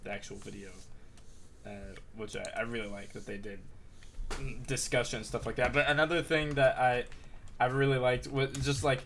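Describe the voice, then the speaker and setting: A man's voice: medium pitch, flat delivery, moderate pace, a bit bright, slight background noise. A young man co-hosting a casual podcast, rambling with lots of fillers and restarts. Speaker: podcast co-host. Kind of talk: casual chat.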